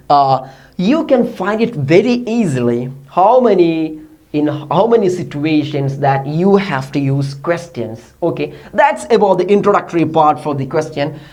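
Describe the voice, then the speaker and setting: A man, teaching a recorded online class. He often says "okay" and "like", and he acts out example questions with exaggerated intonation. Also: sits high. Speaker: English tutor.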